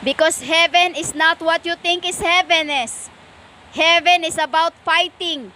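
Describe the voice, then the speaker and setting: Woman, stern lecturing preacher; very slow, halting delivery, bright tone. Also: very high voice, steady tone, a little hiss or hum. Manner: stern and lecturing, slow with many pauses and fillers. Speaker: self-styled preacher. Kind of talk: impassioned spiritual monologue.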